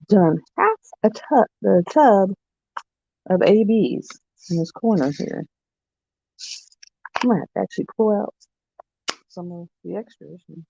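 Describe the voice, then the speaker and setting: Gravelly, chatty woman vlogger. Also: medium pitch, no room sound. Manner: chatty, animated storyteller. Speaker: crafting vlogger. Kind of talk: casual chat. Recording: muffled, dull sound.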